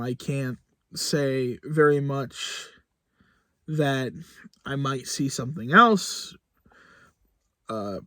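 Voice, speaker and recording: A man's voice: a little high, no room sound, clean studio sound. A young man talking casually in a vlog, rambling with lots of fillers, restarts and casual swearing. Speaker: channel creator.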